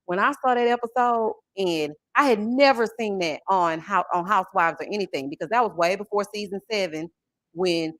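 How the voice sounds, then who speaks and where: A woman, chatting on a livestream about reality TV and reading viewer messages in a sassy, animated way. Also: medium pitch, moderate pace, dry recording, clean studio sound. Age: 40s. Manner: sassy, animated, calls viewers honey and child. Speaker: YouTube reality-TV reviewer. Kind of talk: casual livestream chat reading super chats.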